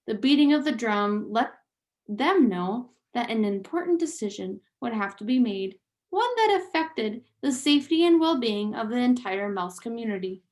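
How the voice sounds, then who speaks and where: A woman reading a children's novel aloud, narrating in an expressive, deliberate way. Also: on the high side. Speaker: reader. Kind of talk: storybook read-aloud narration.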